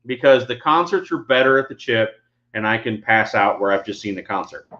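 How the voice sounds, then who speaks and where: A man's voice: on the low side, animated, fairly quick, pushed and bright. Rambling middle-aged man, slightly tipsy. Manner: rambling storyteller, drinking. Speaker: co-host. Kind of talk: casual chat. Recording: dull lo-fi sound.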